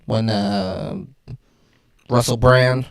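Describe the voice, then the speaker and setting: A man's voice: medium pitch, extremely slow. A man co-hosting a podcast, cracking jokes and teasing his co-host in casual chat. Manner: joking, teasing, animated delivery.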